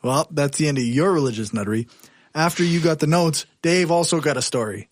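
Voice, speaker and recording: A man's voice: fairly high pitch, expressive, a little fast. A man co-hosting a podcast, chiming in briefly and laughing along in casual chat. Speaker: podcast co-host.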